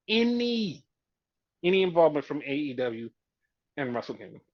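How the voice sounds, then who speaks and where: Guy ranting on a podcast, cussing a lot, kinda high voice, dry muffled mic. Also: very animated, normal speed, dry recording. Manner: heated, profane, mimics fans in quotes. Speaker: podcast co-host. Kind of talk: casual opinion rant.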